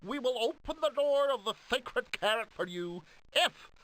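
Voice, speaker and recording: Formal Scottish game villager, high voice, sing-song delivery. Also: male voice, lively intonation, normal speed, fairly bright tone, low-quality recording. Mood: solemn. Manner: formal, solemn quest-giving speech. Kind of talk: 1990s video game voice acting.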